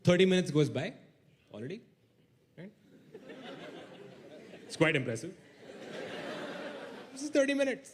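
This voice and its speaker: A young male comedian from India performs a stand-up set in a lively, swooping voice that leaps up into sudden shouted outbursts. He pitches slightly higher than most men, and faint ambient noise from the stage sits under him. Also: measured pace, pauses often.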